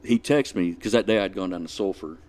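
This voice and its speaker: A man's voice: low-pitched, a little fast, darkish tone. A man, a podcast guest telling a story in a drawling, laid-back way, acting out both sides of a conversation. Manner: drawling, laid-back retelling with quoted dialogue. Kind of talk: casual storytelling.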